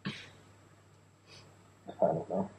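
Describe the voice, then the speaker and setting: A man chatting casually about a movie, sharing bits of trivia in a relaxed way. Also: very slow, a little hiss or hum. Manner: relaxed, shares trivia, filler-heavy. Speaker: co-host. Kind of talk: casual movie watch-along commentary. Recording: tinny phone-like line with echo.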